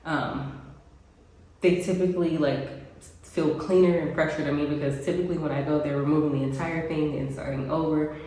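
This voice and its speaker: A woman's voice: deep voice, fairly even intonation, moderate pace, mellow. An American woman vlogging casually to camera, chatty with frequent ums and little laughs, sounding congested. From United States. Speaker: expat vlogger. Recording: very echoey room, faint background noise.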